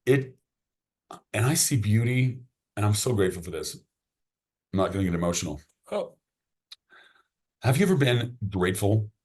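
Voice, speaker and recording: A man, a podcast guest, chatting casually and enthusiastically, often restarting his sentences. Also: on the low side. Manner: enthusiastic, rambling, repeats words when starting sentences.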